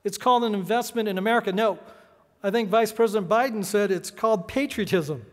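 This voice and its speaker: A man's voice: sits high, a little fast. A middle-aged man giving a prepared speech as an editorial cartoonist, with a sardonic, punchy delivery. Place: large hall. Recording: echoey hall reverb.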